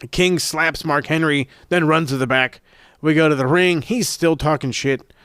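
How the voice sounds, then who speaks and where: Recapping wrestling matches on his podcast, a man talks casually, swearing, meandering, and frequently correcting himself. His voice is a little high, slightly bright, clear and resonant, at a moderate pace, captured in a dry, clean studio recording.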